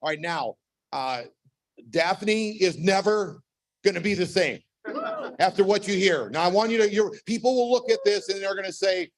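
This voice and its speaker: A man with a somewhat high voice works the room as emcee, firing off rhetorical questions to rally the crowd. His tone is upbeat and pushy. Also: lively intonation, moderate pace, rough recording. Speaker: event emcee. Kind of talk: hype introduction.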